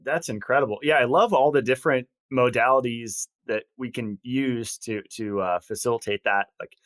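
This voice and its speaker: A man hosting a podcast, responding to his guest in a relaxed and affirming way. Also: mid-range voice, normal speed, no room sound. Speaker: podcast host. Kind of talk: casual podcast interview.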